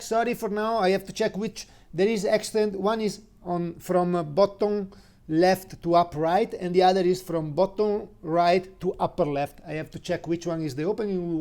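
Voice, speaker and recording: A man with an Italian accent, a native Italian speaker giving an informal language lesson, halting with many fillers and spelling words out letter by letter. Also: high voice, a little mellow. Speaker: Italian teacher.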